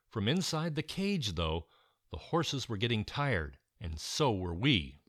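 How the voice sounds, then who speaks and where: Man, storybook reading, lively pitch, dry close recording. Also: measured pace, no room sound. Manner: expressive, animated reading. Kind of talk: reading a children's story aloud.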